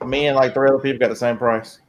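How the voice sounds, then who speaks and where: A man's voice: mid-range voice, flat delivery, fast talker, a little hiss or hum. A man hosting a casual group chat on a video call, joking and laughing often. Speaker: host of a live listing hangout.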